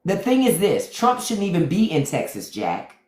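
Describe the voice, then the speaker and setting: A man's voice: high-pitched, huge pitch swings, moderate pace. A middle-aged man hosting a casual livestream, blunt and profane, greeting his chat by name as he comments. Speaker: livestream host. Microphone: phone. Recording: echoey room.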